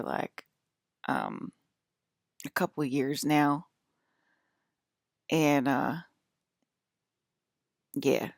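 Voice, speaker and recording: This vlogger is a thirtysomething woman with an East Coast American accent who chats loosely with her audience, often laughing and occasionally slipping into a whisper. Her voice is gravelly and bass-deep, recorded with no room sound.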